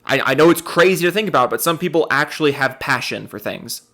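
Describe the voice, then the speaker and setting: A man's voice: a little high, fast talker, fairly bright tone. A young adult man giving sarcastic reaction commentary on a video clip, rambling and swearing as he picks the speaker's points apart.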